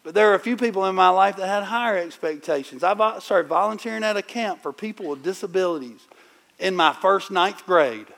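Animated high-voiced male preacher. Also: brisk, gravelly. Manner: conversational, animated storytelling with sudden loud bursts. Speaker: pastor. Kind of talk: sermon.

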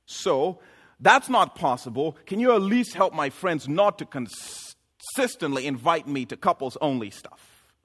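A male pastor delivers a sermon in a high, bright, forward voice. His pitch leaps and dips constantly, and he mixes jokes with sudden loud bursts. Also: unhurried, slightly rough. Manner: animated, joking preaching with sudden loud outbursts.

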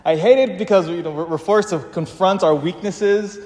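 Male parish priest, emphatic storytelling homily, slightly high voice, long church reverb. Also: normal speed, darkish tone. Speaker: pastor. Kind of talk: sermon.

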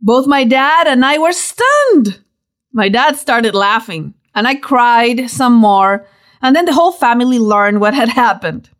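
A woman reading a personal story aloud, with lively storytelling and playful emphasis. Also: a little high, unhurried. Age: young adult. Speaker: narrator.

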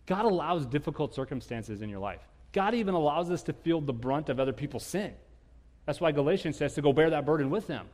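A married man preaching to his congregation, asking them questions and getting loud and animated when he tells stories. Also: a little high, a little fast, in a large hall. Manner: animated storytelling, rising loud when telling anecdotes; addresses congregation directly with questions. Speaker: pastor. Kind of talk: sermon.

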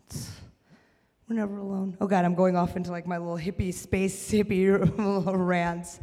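Stand-up guy from the chicago suburbs, animated, jumps into loud bits, long echo from a warehouse show space. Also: sits high, moderate pace, vocal fry. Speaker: stand-up comedian. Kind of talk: stand-up set. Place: warehouse art space before a live audience. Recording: live venue reverb.

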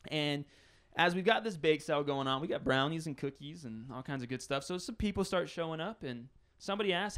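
A man's voice: fairly high pitch, fast, few pauses, fairly bright tone, clear, resonant tone. A man preaching a conversational sermon as pastor, building scenarios with rising intensity.

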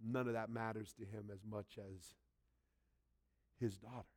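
A man preaching a sermon emphatically, swinging between loud and soft and acting out quotes from the story. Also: lowish voice, steady tone, unhurried. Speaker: pastor.

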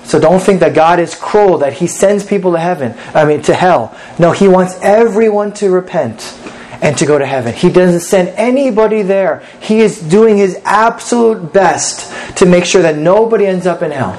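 A man's voice: high voice, lively intonation, moderate pace, darkish tone, slight background noise, low-quality recording. A man preaching an earnest sermon as pastor, reading scripture aloud and pressing his points with rising emphasis.

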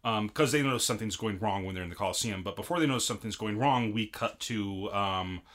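A man's voice: lowish voice, fast talker, a bit bright. A man in casual chat recapping an anime episode, rambling with many fillers and restarts. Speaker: podcast co-host.

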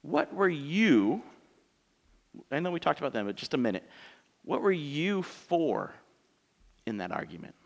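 A man's voice: a little high, sing-song, measured pace, pauses often. A man in his thirties, a pastor preaching a sermon in church in a conversational, joking way, asking his congregation rhetorical questions.

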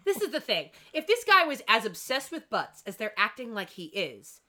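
Woman co-host, high bright voice, very animated delivery, casual show recap. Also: normal speed. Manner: animated, acts out characters' lines in quotes. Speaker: podcast co-host. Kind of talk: casual episode recap chat.

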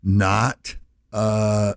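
A man's voice: on the low side, level tone, very slow, vocal fry, no room sound, clean studio sound. A man in his fifties from California, an advisor introducing himself in an earnest, filler-heavy monologue that keeps checking in with listeners. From California, USA.

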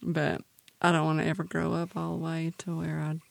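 A woman's voice: low voice, completely flat delivery, a little fast, gravelly, no echo. A woman co-hosting a podcast in casual chat, talking in a heartfelt, rambling way with many restarts. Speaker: podcast co-host.

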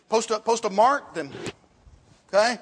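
A man's voice: high-pitched, moderate pace, a little hiss or hum. A man teaching a church Bible class, quizzing the class and repeating his points as he writes on a board. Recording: long reverb in a hall.

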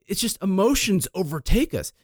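A man who is a financial planner, chatting on a talk show. He tells stories in an animated way, acting out quoted lines and often restarting and repeating words. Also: high-pitched, moderate pace, dry recording, clean studio sound. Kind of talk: casual radio chat.

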